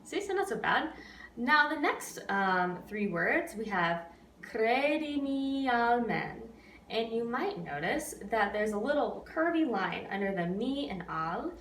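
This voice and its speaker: Slow-paced woman coaching a singing lesson. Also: on the high side, big pitch swings, fairly bright tone. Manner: patient coaching, counting in and modeling phrases. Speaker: opera pianist and vocal coach. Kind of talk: online music lesson. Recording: roomy, distant mic with faint background noise.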